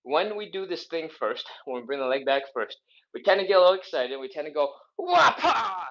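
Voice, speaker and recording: Man, fitness coach, upbeat rep-counting, slightly breathless, higher voice, dull lo-fi audio. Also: animated, fast. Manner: upbeat, counting reps, joking asides. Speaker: flexibility instructor. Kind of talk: live follow-along workout coaching.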